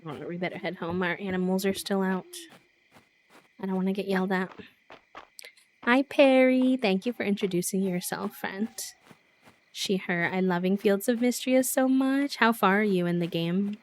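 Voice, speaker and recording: A woman's voice: medium pitch, normal speed. Woman game streamer; casual, chatty play-along commentary with frequent laughs. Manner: chatty, laughs often, thanks followers.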